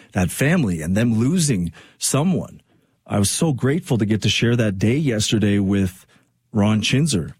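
A male radio host talks into a studio microphone in a dry, close sound. His voice is slightly husky, and he speaks earnestly and reflectively, often circling back with fillers. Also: medium pitch, a little mellow, no room sound. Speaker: radio talk show host. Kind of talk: personal radio monologue.

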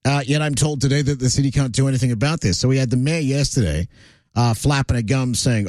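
A man's voice: mid-range voice, fairly quick, a little mellow, no room sound. A man hosting a talk radio show, opinionated and sardonic, with lots of "uh" fillers. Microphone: studio broadcast mic.

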